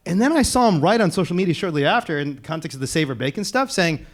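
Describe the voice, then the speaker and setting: A man speaking on a panel as an animal rights activist, animated and laughing as he tells stories. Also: high voice, some chatter behind, slight background noise. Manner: animated, fast, laughing storyteller. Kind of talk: casual panel talk.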